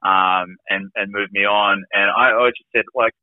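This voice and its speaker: A man's voice: on the low side, steady tone, moderate pace, no room sound. A man, a guest on an interview, telling his own story in a rambling, casual way, full of "like" fillers. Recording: tinny phone-like remote call audio.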